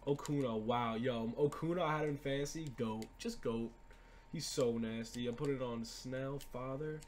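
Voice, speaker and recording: A young man giving excited, slangy gameplay commentary as a gaming YouTuber, repeating himself often. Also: mid-range voice, normal speed, a little hiss or hum. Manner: hyped, repetitive, slangy.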